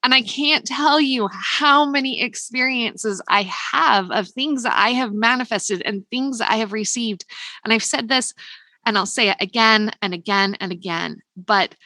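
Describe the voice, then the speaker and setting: A woman's voice: fairly high pitch, measured pace, sharp tone, dry recording. An American woman hosting a motivational podcast, upbeat and emphatic, repeating phrases for stress. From United States. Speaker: podcast host.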